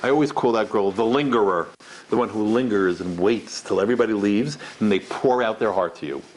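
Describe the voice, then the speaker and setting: In a low-quality recording with slight background noise, a middle-aged rabbi briskly tells stories in a lecture before a live audience in a big room, animatedly voicing each person with large jumps in pitch.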